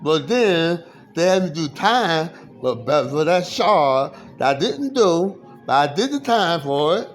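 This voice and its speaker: Over soft background music, a man with a noticeably high, sing-song voice recounts his side of the story at length. He keeps stumbling and starting over, repeating phrases and filling gaps with fillers as he rambles haltingly.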